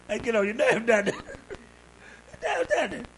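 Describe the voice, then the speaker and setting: A man preaching a sermon in a church, calling out to the congregation and building up to shouts. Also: extremely high pitch, poor audio. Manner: call-and-response preaching, rising to shouts.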